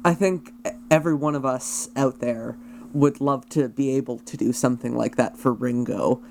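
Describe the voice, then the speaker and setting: Gravelly-voiced male interviewer. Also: mid-range voice, steady tone, darkish tone, slight background noise. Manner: brisk, quick questions. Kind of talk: interview questions.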